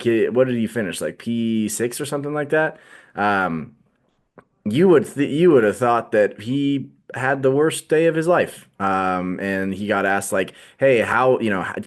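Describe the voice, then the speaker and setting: A man co-hosting a podcast, chatting casually and joking with frequent laughs. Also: medium pitch. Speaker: podcast co-host. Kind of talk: casual chat.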